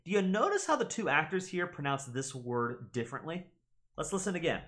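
A man's voice: a little high, sing-song, brisk, a bit bright. A man hosting a gaming channel, giving a casual explanatory lesson on pronunciation and repeating words aloud to demonstrate them. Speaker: gaming channel host teaching Latin.

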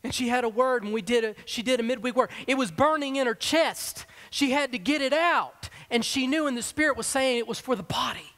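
Brief: soft-spoken male minister, high voice, churchy reverb. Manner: quiet and measured, sometimes dropping to a whisper. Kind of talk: sermon. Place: church sanctuary.

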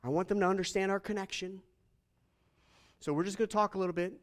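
A man's voice: high voice, steady tone, fast talker, close to an everyday voice. A man voicing a casual, chatty man in a humorous retelling, talking in a breezy, joking way.

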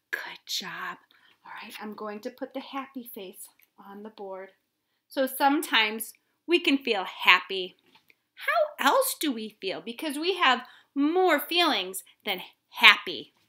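A woman teaching preschoolers about feelings, patient and coaxing, asking the children questions. She often drops into a soft whisper and then comes back with gentle emphasis. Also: on the high side. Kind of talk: gentle lesson for young children.

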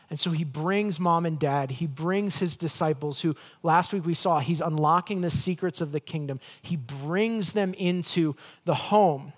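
A male pastor preaching a conversational sermon with playful asides, swinging between loud emphasis and hushed, gentle lines. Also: a little high, measured pace, few pauses.

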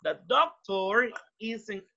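Bright-voiced woman teacher drilling phrases. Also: medium pitch, lively intonation, gravelly. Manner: repeats phrases slowly for students to echo; switches between English and Spanish. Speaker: English teacher. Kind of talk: classroom drilling. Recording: dull lo-fi sound.

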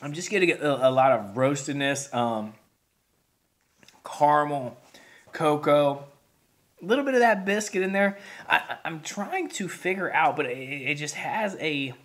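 A man's voice: a little high, lively intonation, unhurried, a bit bright. Rambling folksy man reviewing beer. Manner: rambling, folksy, many fillers and restarts. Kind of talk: casual video review.

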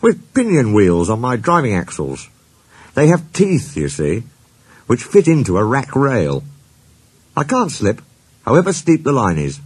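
A man's voice: mid-range voice, huge pitch swings, unhurried, darkish tone, breathy edge, no room sound, exaggerated voice. A man voicing a small, friendly, modest male mountain engine in a storybook reading. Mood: cheerful. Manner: cheerful, modest.

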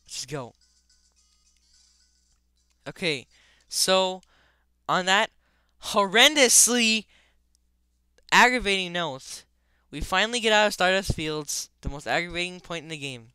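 Bright, crisp young guy rambling over gameplay. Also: high-pitched, measured pace, pauses often, dry recording, faint music behind. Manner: rambling, full of "like" fillers; excitable outbursts. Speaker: let's play gamer. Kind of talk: casual gameplay commentary.

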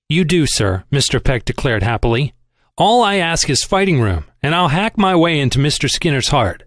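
A man reading a novel aloud as scripted narration, giving the characters their own voices in a lively, expressive way. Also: on the high side, moderate pace, dry recording, studio quality. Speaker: audiobook reader.

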